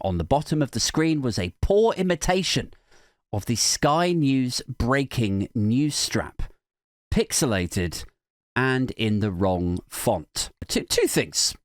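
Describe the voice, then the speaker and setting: A man hosting a podcast, riffing sarcastically in a rambling comedy monologue that swings from mock outrage to low muttering. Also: dry recording, studio quality. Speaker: podcast host.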